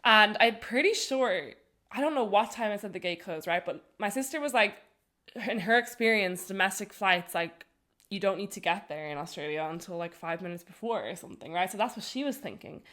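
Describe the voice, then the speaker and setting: A woman telling a travel story on a podcast, animated and full of laughter. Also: medium pitch, fairly quick. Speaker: podcast co-host. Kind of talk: casual storytelling chat.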